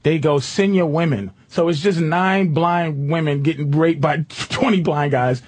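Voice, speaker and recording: A husky, slightly high-pitched man spins a rambling, swear-laden story in loose podcast chat. He retells a movie plot with animated energy. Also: a little slow. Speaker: podcast co-host. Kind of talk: casual profane chat.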